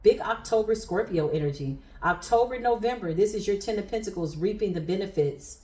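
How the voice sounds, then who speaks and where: A woman's voice: mid-range voice, animated, a little fast, warm tone. Emphatic woman tarot reader, echoey room. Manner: emphatic, preacher-like cadence. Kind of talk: spiritual tarot reading.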